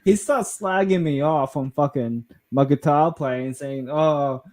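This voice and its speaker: A man's voice: fairly high pitch, measured pace, warm tone. A young Australian man, a podcast co-host, telling a crude story in casual chat, swearing and laughing as he goes.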